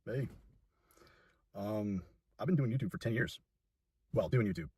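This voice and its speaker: A man's voice: on the low side, unhurried, warm tone, slightly rough, no room sound, recorded from a distance. A nineteen-year-old man chatting casually to camera in a rambling, self-deprecating way. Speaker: YouTuber. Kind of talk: casual vlog chat.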